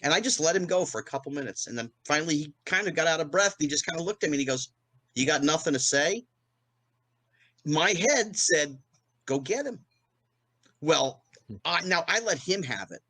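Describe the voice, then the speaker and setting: A middle-aged man, a podcast guest, telling anecdotes in a lively way and acting out the voices of people he quotes. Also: fairly high pitch, quick pace, low-quality recording. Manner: animated, acts out quoted voices. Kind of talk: anecdotal storytelling.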